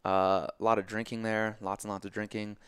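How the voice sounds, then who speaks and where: A young man on a podcast telling a story casually, animated and swearing freely as he acts out his own reactions. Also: lowish voice, brisk, clean tone, dry recording, studio quality. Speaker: podcast guest.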